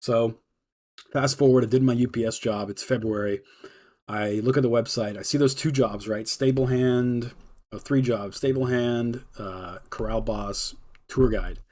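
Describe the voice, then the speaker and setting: A man's voice: mid-range voice, fairly even intonation, unhurried, a little mellow. A young man with an ordinary mid-range voice tells a personal story on his podcast. He keeps it casual and rambling, leaning on "like" and chuckling between beats. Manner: chatty, heavy use of "like", laughs between lines. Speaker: podcast host.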